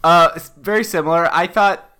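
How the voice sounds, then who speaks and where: Bright-voiced man, easygoing podcast co-host. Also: fairly high pitch, fairly quick, smooth. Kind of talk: casual chat.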